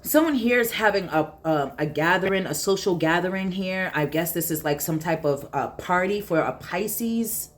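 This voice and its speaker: A woman's voice: on the low side, expressive, moderate pace, hardly any pauses. A woman giving a casual tarot reading, emphatic and blunt, repeating her points and swearing freely. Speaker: tarot reader.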